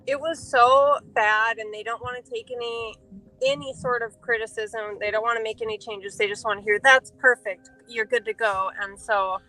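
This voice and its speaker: A woman who edits, chatting casually in an animated, blunt way and swearing freely. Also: fairly high pitch, normal speed, soft background music, rough recording. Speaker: editor and podcast guest. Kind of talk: casual chat.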